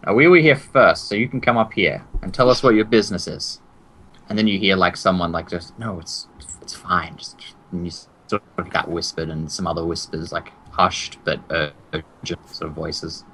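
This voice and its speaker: Male game master, deep voice with bright edge, casual and joking. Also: moderate pace, a little hiss or hum, low-quality recording. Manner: casual, joking, hesitant fillers. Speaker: dungeon master. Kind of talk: narrating a tabletop game.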